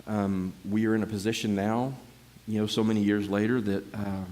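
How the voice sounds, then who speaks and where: A middle-aged man gives a personal testimony to a church congregation, telling the story in an animated way with many restarts and repeated words. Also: on the low side, moderate pace. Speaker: church member giving a testimony.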